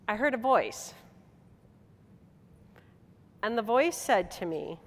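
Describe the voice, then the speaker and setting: Woman, middle-aged, speaker at a convention, lively storytelling, laughs, mid pitch, echoing hall. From Michigan. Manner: animated, laughing, acts out dialogue. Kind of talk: motivational storytelling speech. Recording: hall reverb on a stage talk.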